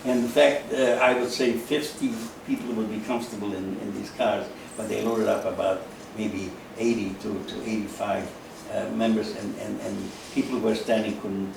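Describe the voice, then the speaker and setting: Recorded from a distance in a very echoey room with a faint background hiss, a man in his 90s tells his story as a Holocaust survivor in an interview. Born in Carpatho-Ruthenia, Eastern Europe, he has a gravelly, creaky voice, on the low side and steady in tone. His speech is slow and halting, broken by fillers and repeated words.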